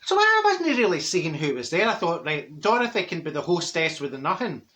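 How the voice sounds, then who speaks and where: Brief: male actor as brash middle-aged Glasgow woman, Glaswegian accent, forceful bright tone, sardonic comic storyteller. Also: on the high side, big pitch swings, a little fast. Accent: Glaswegian Scottish. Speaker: comic character monologue.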